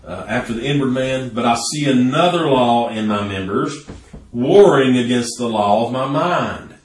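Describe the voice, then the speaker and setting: A man's voice: mid-range voice, reverberant, far from the mic. A man preaching a sermon earnestly, building to emphatic peaks. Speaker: pastor.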